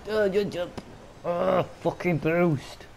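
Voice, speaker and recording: A man's voice: high-pitched, slow, gravelly, darkish tone, slight background noise. A man with a Yorkshire accent, commentating while he plays a video game and swearing through frequent angry outbursts. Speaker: gamer. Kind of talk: gaming commentary.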